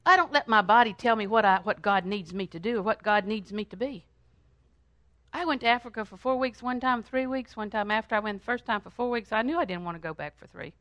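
An older woman teaching a Bible lesson in a fervent sermon style, breaking into song and prayer, swinging between loud praise and quiet asides. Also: medium pitch, fairly quick, dry recording.

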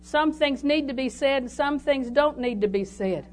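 A woman's voice: high voice, normal speed. A woman preaching a sermon, telling homely stories and reading scripture aloud. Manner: folksy storytelling with scripture reading.

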